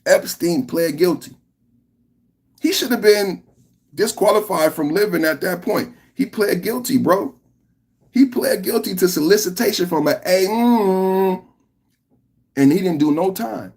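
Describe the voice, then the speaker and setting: A man's voice: sits high, expressive, a little slow, long pauses, a little mellow. A man hosting a live reaction podcast, ranting in a heated, repetitive way with lots of rhetorical questions. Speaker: podcast host.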